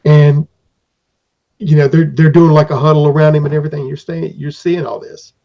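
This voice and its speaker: A man's voice: a little high, little pitch movement, fairly quick. A man improvising narration as game master for a tabletop game, rambling, with fillers and restarts. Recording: dull lo-fi recording.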